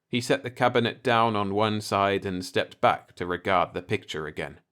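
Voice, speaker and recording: A man narrating a short science fiction story as an audiobook. His delivery is calm and measured, suited to listening before sleep. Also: low-pitched.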